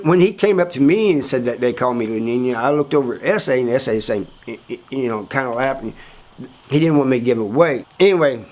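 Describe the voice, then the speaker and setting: A man's voice: medium pitch, darkish tone. A man hosting his own channel, telling a story in a laid-back, chuckling way with plenty of fillers. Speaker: host telling prison stories. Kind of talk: casual storytelling.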